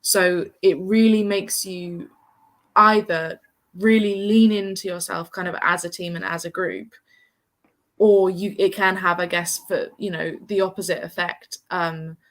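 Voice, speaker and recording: A woman's voice: fairly low pitch, steady tone, a little slow. A young woman, a student quiz contestant, talking thoughtfully in casual chat with lots of "kind of" fillers. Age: young adult.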